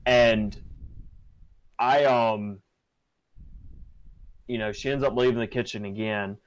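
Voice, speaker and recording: A man's voice: medium pitch, fairly even intonation, takes it slowly, clean tone, no echo, rough recording. A young man hosting a podcast, telling a personal story casually with many fillers and restarts. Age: young adult. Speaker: podcast host.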